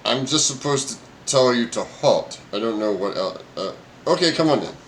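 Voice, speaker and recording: A man playing an eager young goblin guard, plain and confused, lively voice. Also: mid-range voice, moderate pace, slight background noise, close to an everyday voice.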